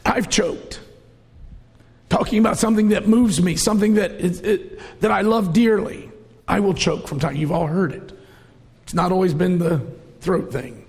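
A middle-aged man preaching a sermon, telling the story with strong emotion and sudden raised, shouted moments. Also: high-pitched, moderate pace. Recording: long hall reverb.

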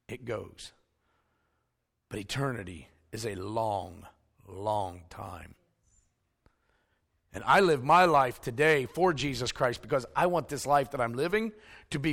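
A male preacher, delivering a sermon that swings from hushed storytelling to emphatic shouting. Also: mid-range voice, expressive, takes it slowly, gravelly, pauses often.

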